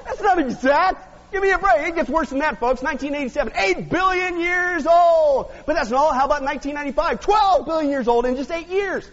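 A man's voice: extremely high pitch, animated, very fast, few pauses, a bit bright. A man pastor preaching a sermon in a joking, sarcastic way to his congregation. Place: church hall. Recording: dull lo-fi audio with long hall reverb.

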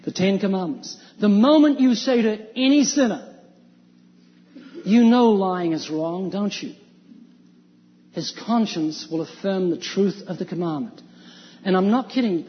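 A man with a notably high voice preaches an evangelistic sermon, pressing his points with emphatic rhetorical questions. The sound is dull and lo-fi, with a long hall reverb trailing each phrase.

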